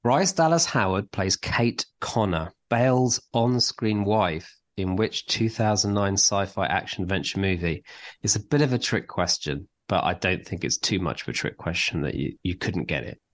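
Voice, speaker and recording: A man with a somewhat low voice talks in a loose, rambling way on a casual podcast. He poses quiz questions with a playful, teasing edge. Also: animated, moderate pace. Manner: chatty, rambling, quizmaster teasing. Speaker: podcast co-host. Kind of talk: casual chat, running a quiz.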